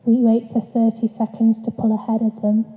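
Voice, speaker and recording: A woman reads her poetry aloud at a live event, slow and deliberate, her raised voice held in a flat, even line. The sound is thin and phone-like, and a long echo hangs in the hall around her. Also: a little high. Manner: measured, deliberate reading with brief asides between sections. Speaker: poet. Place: festival event venue. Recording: tinny echoey hall recording.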